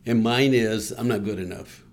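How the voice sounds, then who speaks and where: A man's voice: on the low side, normal speed, slight background noise. A man co-hosting a faith-based podcast, earnestly leading listeners through a spoken forgiveness prayer in a pastoral way. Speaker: co-host.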